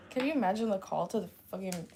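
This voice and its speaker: A young woman hosting a casual live stream, telling rambling stories to her chat. She laughs often and swears freely. Her voice sits at a middle pitch, with a faint hiss behind it. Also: animated, fairly quick, dark tone. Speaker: livestream host.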